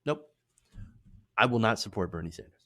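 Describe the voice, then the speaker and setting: A man's voice: fairly low pitch, animated, brisk, a bit bright. A man mocking a whiny scolding female politician.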